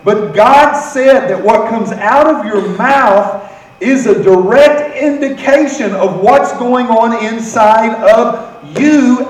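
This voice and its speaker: High-voiced preaching man in echoey church. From United States. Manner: preaching, calls congregation to repeat phrases. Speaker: pastor. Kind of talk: sermon. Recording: echoey room, mic from far off.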